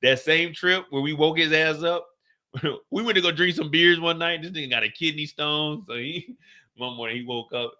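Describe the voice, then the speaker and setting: Animated middle-aged man, sharp bright voice. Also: fairly high pitch, moderate pace. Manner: animated, profane, acts out quotes in a raised voice. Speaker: streamer host. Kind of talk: casual storytelling.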